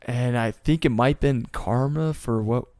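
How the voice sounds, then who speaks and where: A man's voice: mid-range voice, measured pace, warm tone, dry recording. Young man rambling through a story, dry. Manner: rambling, slangy, says "bro" and "like" a lot. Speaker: podcast co-host, wrestler. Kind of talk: casual storytelling chat.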